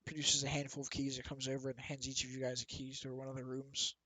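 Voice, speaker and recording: A man's voice: medium pitch, completely flat delivery, fast talker, pushed and bright, dry recording, rough recording. A man narrating casually as the game master of a tabletop game, with frequent fillers. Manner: casual, laid-back, with fillers.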